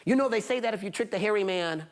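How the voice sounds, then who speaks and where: A man's voice: high-pitched, quick pace, slight background noise. A man telling a folktale live on stage, shifting between character voices. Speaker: storyteller. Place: small concert venue stage.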